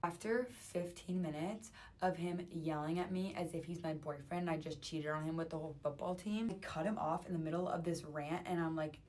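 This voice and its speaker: A young woman with a somewhat low voice tells a dating story in a casual storytime way. She is animated and dramatic as she talks. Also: brisk, few pauses.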